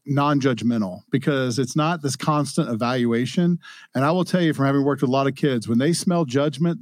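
A man's voice: mid-range voice, no room sound. Earnest man hosting with a dry close sound. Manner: earnest, chatty, often adds a "right?" or "you know?". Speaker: podcast host. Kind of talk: conversational interview.

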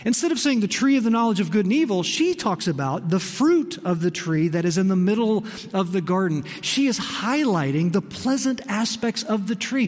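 A pastor preaching a sermon in an expressive, emphatic way, slowing down on key phrases. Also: male voice, high-pitched. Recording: long reverb in a large hall.

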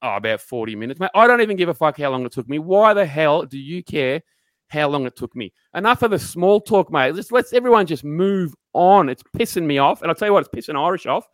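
Young aussie bloke ranting on a podcast, cussing a lot, bit high pitched, dead dry sound. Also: male voice, fairly quick, dry recording. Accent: Australian. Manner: swearing, animated mimicry of coworkers. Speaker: podcast co-host. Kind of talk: casual storytelling chat.

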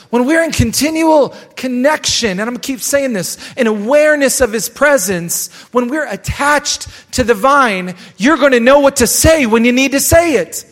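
A man's voice: very high-pitched, expressive, normal speed, few pauses, fairly bright tone. A man preaching a live sermon as pastor in a church, exhorting and repeating phrases for emphasis. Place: church sanctuary. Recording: long church hall reverb.

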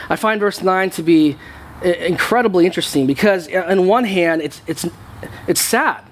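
A man's voice: high voice, moderate pace. A man preaching a sermon to his church in a conversational way, often repeating words as he goes. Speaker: pastor. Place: church sanctuary.

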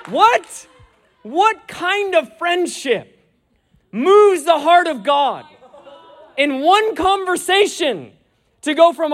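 A male preacher with a strikingly high voice delivers an animated sermon. He retells scripture as lively dialogue, voicing each exchange and leaning hard on key lines. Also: takes it slowly. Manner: animated storytelling, acting out dialogue, emphatic.

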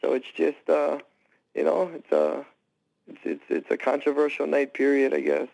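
A man from Hawaii speaking as a guest on a phone interview, talking haltingly with many restarts and fillers. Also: fairly high pitch, level tone, gravelly, darkish tone, no echo, poor audio. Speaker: guest fighter.

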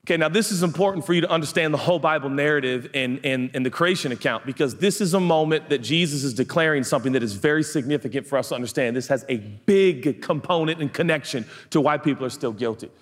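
A man's voice: a little high, fast talker, hardly any pauses. A man preaching a sermon, telling the story with playful asides and acting out the people in it. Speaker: pastor. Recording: hall reverb.

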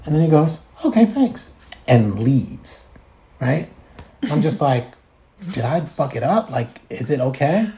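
A man telling a story in casual chat, acting out quotes with big jumps in pitch. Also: expressive, measured pace, dark tone. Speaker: guest.

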